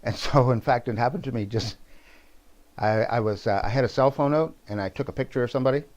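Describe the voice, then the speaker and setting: A man's voice: medium pitch, fast, a little mellow. A man from New Brunswick, talking in a rambling, digressive and opinionated way in a casual political monologue to camera. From New Brunswick, Canada. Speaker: vlogger.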